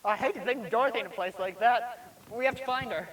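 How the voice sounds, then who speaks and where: A man's voice: very high-pitched, fast talker, a bit bright. Teen boy playing a blunt, worried tin man. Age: teens. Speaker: student actor. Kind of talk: school stage play. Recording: distant stage mic.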